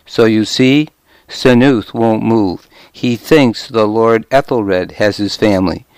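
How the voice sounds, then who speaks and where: A man's voice: lowish voice, slow, darkish tone, smooth, dry recording. A man reading the part of an earnest, trusting male warrior lord who speaks plainly and sincerely.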